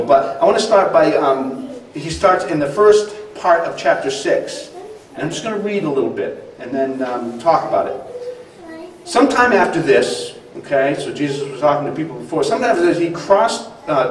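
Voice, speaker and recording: A man's voice: a little high, expressive, moderate pace, a little hiss or hum. A man pastor preaching a sermon in a casual, conversational way, with frequent fillers. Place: church hall. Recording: echoey hall, distant mic.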